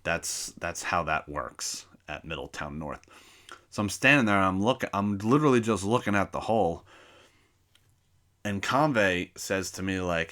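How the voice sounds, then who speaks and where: Low, bright-voiced man telling a profane story. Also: normal speed. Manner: profane, animated anecdote telling with acted-out dialogue. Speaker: podcast host. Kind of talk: casual solo podcast storytelling.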